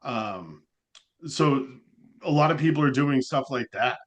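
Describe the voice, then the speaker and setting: Unhurried and medium-pitched, a man co-hosts a podcast in loose, meandering conversation. He's animated and leans heavily on fillers, "like" above all.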